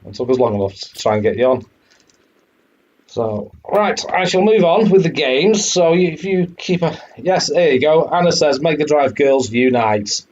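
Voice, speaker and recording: A man's voice: on the high side, lively intonation, moderate pace, darkish tone, muffled recording. A man hosting a retro game live stream, chatting casually and swearing now and then. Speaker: streamer host.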